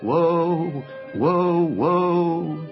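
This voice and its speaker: A man's voice: a little high, drawn-out words, music in the background, pitched above the performer's own voice. A man voicing a tall, grief-stricken female tree spirit who wails and pleads. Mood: wailing. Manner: wailing, pleading cries. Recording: slightly dull lo-fi audiobook recording.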